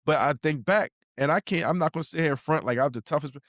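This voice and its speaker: A man's voice: a little high, fast talker, a bit bright, no echo, studio quality. A middle-aged man, telling slangy stories in a casual podcast chat as co-host. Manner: laid-back storyteller, slangy, acts out quotes.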